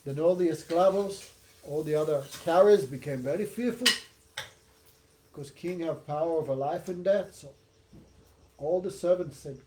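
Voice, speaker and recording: A man teaching a class by telling a story in an animated way, chuckling and often adding a rhetorical "No?". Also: on the high side, normal speed, long pauses. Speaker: spiritual teacher. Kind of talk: storytelling lesson.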